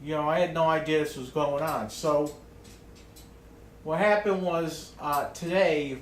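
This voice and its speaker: Slow, rambling man ranting in an echoey room. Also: on the high side, fairly even intonation, slight background noise. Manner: rambling, profane, many restarts and fillers. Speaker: vlogger. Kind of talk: casual ranting monologue.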